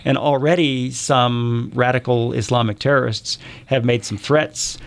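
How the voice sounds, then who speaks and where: A middle-aged man hosts a live radio talk show, wandering between jokes and news with easy asides. His voice has a gravelly, creaky texture at an ordinary pitch. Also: fairly even intonation, measured pace. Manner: chatty, laughs often, jokey asides. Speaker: radio show host, journalism professor.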